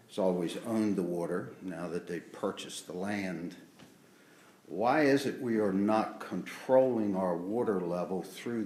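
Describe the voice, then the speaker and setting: A man's voice: sits low, darkish tone. A man formally addressing officials at a public meeting, pressing his point firmly. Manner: formal, building to insistent. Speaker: resident speaking at public meeting. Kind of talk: public comment. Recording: echoey hall.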